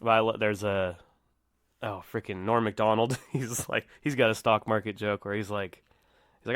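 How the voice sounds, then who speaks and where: A man's voice: lowish voice, fairly even intonation, normal speed, a bit bright, no echo, clean studio sound. Rambling, laughing man in his thirties. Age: 30s. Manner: rambling, laughs often, self-mocking. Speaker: podcast host. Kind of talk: casual solo podcast ramble. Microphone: headset or desk mic.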